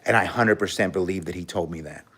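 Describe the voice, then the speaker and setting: A man's voice: deep voice, fast, a bit bright, breathy edge. A man hosting a casual livestream, reading out viewer comments and talking bluntly and candidly, cursing freely and speaking with emotion. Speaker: livestream host.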